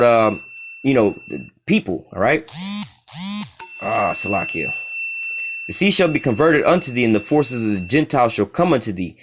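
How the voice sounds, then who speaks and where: A man teaching from the Bible in a loose, slangy way. He reads the verses slowly and deliberately, then explains them in blunt everyday talk. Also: mid-range voice. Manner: slangy, street-talk asides between slow verse readings. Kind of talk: informal scripture teaching.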